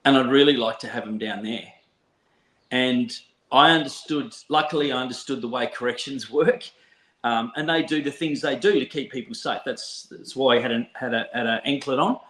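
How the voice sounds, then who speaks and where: A man with an Australian accent telling a story from his counselling work in a relaxed chat, laughing often and restarting sentences. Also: medium pitch, moderate pace. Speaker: counsellor, podcast guest. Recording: roomy echo.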